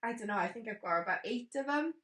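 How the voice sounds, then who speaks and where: A woman's voice: fairly high pitch, animated, fast, fairly bright tone, reverberant. A young pregnant woman co-hosting a podcast in casual chat, dry and teasing. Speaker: podcast co-host.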